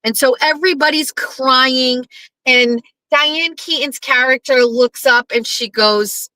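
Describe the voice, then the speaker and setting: A woman hosting a casual commentary show, telling stories in an animated way, acting out quotes and swearing bluntly. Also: sits high, slow pace, no room sound, rough recording. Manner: animated storyteller who acts out quoted lines, blunt and profane. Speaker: podcast host.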